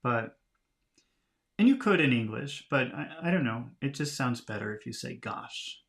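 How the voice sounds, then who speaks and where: A man teaching English vocabulary by reading a storybook aloud, talking in a relaxed, chatty way and laughing at himself. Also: medium pitch, a little slow. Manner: relaxed, chatty, laughs at himself, lively voices for quoted lines.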